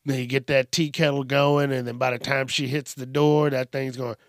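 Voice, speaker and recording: A man hosting a podcast, telling stories in a casual, profane, animated way. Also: medium pitch, normal speed, background noise. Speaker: podcast host. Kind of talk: casual monologue.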